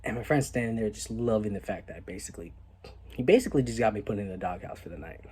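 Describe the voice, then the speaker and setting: A young man vlogging, telling a story casually and with animation, often dropping to hushed asides. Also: lowish voice, animated, quick pace.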